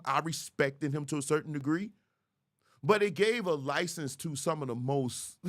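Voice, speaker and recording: An animated male host, lecturing viewers in casual commentary. His pitch runs a little high and swings widely. The sound is dry and close. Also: no room sound. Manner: animated, preachy, talks straight to viewers.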